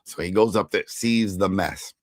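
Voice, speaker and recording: A low-voiced man recaps a TV episode in casual chat. He keeps acting out what the characters said. The sound is dry and close, with no room around it. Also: moderate pace, no room sound. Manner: animated retelling, acting out characters' lines. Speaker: podcast co-host.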